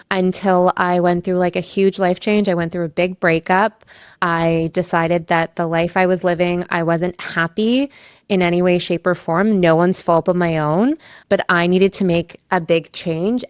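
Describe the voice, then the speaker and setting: A woman's voice: on the low side, clear, resonant tone, no room sound, studio quality. A woman from Canada in her thirties, a lawyer and podcast guest, telling personal stories in candid, emotional casual chat, full of "like". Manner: candid, emotional storytelling with frequent "like".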